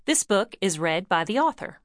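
A woman's voice: mid-range voice, big pitch swings, normal speed, no room sound. Middle-aged woman author, earnest audiobook read, dead-dry booth sound. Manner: earnest, personal storytelling. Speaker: author reading her own book. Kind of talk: audiobook narration.

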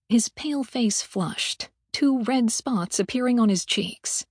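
A woman narrating a story in a steady, measured read. Her voice sits fairly high for a woman, and the recording is dry and close, with no room sound. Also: slightly rough, dry recording. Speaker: audiobook narrator. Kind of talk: scripted audiobook narration.

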